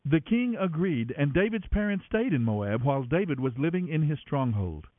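A man reads scripture aloud with dramatic expression, his fairly high voice rising and falling in a lively way. The sound is dry and thin, like a narrow radio broadcast. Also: normal speed, dry recording. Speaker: Bible reader.

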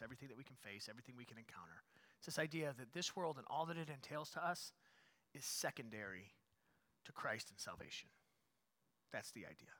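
A man preaching a sermon as pastor, repeating his points, rising to loud emphatic peaks and dropping to quiet asides. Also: medium pitch. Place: church.

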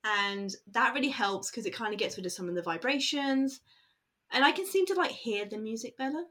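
A woman's voice: on the high side, lively intonation, fairly quick, fairly bright tone. A woman talking casually in an interview, rambling with many fillers and bursts of laughter. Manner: chatty, lots of fillers and laughter. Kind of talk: casual chat.

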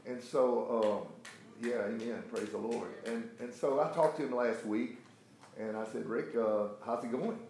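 A man's voice: medium pitch, measured pace, a little mellow. An older man leading a prayer group, telling a long story with many restarts and fillers. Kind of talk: testimony in a group meeting. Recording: echoey room with faint background noise.

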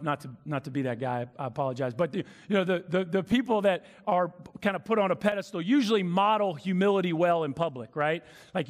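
A man in his forties giving a casual, storytelling sermon to a live audience, with plenty of fillers and asides to the crowd. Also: fairly high pitch. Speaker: preacher. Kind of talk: conversational sermon. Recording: long reverb of a large hall.

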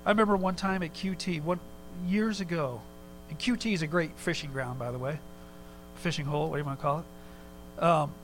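A man preaching a sermon in a relaxed, conversational way, telling a personal story with quick asides. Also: on the high side, slight background noise, rough recording. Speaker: pastor.

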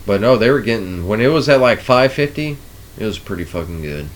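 Lively man telling work stories. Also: lowish voice, fairly quick, slight background noise. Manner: animated storyteller, acts out quoted coworkers, swears freely. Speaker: podcast co-host. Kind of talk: casual chat.

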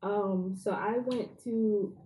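A woman's voice: medium pitch, steady tone, slow, mellow, low-quality recording. A woman from England with a British-Jamaican accent, a guest in a casual chat who laughs easily and keeps it playful. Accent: British with Jamaican influence.

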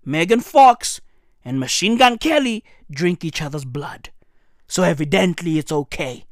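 Comic ranter, woman, incredulous, dry close sound, swooping lively delivery. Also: on the low side, a little slow, no room sound. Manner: incredulous, exaggerated, swings into shouting. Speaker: comedic commentator. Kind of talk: comedic rant to camera.

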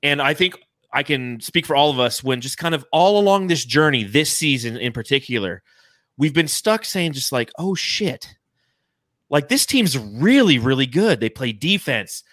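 A man's voice: medium pitch, expressive, moderate pace, fairly bright tone, no echo, studio quality. An American man in his thirties hosting a fan podcast livestream, emotional and swearing freely as he reads out donations. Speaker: podcast host. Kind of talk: excited casual livestream chat.

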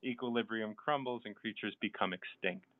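A man hosting a casual chat, talking in a halting, reflective way with many fillers. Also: lowish voice, no room sound. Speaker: podcast host. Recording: tinny phone-like line, dry.

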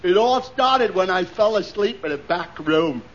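A high-voiced dimwit. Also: male voice, lively intonation, a bit bright, heavily acted. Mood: dopey cheerful. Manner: slow-witted, naive comic delivery. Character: dim-witted cheerful grown man. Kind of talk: 1940s radio comedy acting. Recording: muffled old radio broadcast with hiss.

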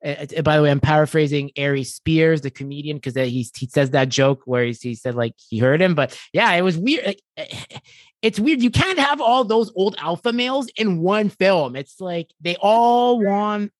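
A podcast host in casual chat about action movies, talking in an animated, joking way with quick asides. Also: mid-range voice, no echo, studio quality.

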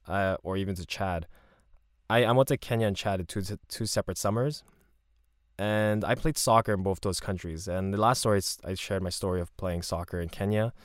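A man with a somewhat low voice talks through his stories in an easygoing, meandering way, laughing often. The sound is dry and close, with no room echo. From Canada. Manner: relaxed, rambling, laughs often. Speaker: podcast host. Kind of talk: casual solo podcast storytelling.

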